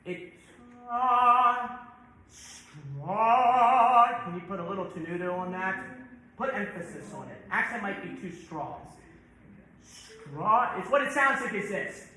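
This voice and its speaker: Echoey church choir director, high voice. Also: male voice, normal speed, sharp tone, slight background noise. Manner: stops and sings words to demonstrate diction. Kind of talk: rehearsal coaching. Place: large church sanctuary. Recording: very echoey church hall, faint music behind.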